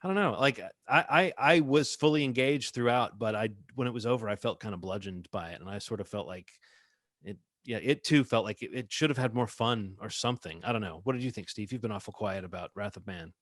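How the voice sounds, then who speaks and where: A man's voice: fairly low pitch, a little fast, fairly bright tone, no echo, studio quality. A man co-hosting a casual movie review podcast, opinionated and rambling, drifting into asides. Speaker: podcast co-host.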